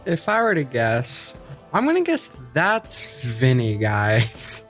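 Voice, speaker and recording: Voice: mid-range voice, huge pitch swings, slow pace, fairly bright tone, faint music behind. A player speaking in character during a tabletop game.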